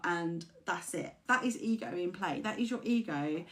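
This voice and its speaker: A woman life coach talking casually, chatty and animated, acting out examples in little voices. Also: on the low side, moderate pace, hardly any pauses.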